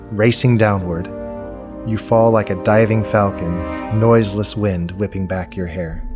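A man narrating a tabletop game as game master, in slow, immersive second-person storytelling. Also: lowish voice, darkish tone. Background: faint music.

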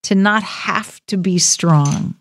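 A woman hosting a call-in radio show, speaking gently and consolingly to callers, calling them honey. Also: medium pitch, takes it slowly. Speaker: radio host.

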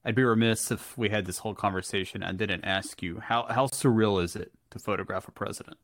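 Low-voiced man asking brief questions. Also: brisk, a bit bright. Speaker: podcast host. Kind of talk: casual interview.

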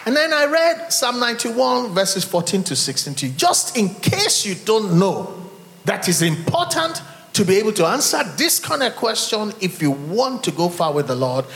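A middle-aged Nigerian man preaching a sermon as pastor, swinging between loud high exclamations and low remarks and firing rhetorical questions at his congregation. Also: sing-song, moderate pace, vocal fry, slight background noise. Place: church hall. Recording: long hall reverb.

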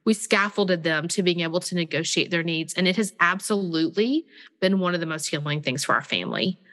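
Lady in her 30s on a parenting podcast, chatty, acts out little convos, long reverb. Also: lowish voice. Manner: animated, chatty, often acts out parent and child lines. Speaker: podcast co-host. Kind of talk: casual parenting podcast chat.

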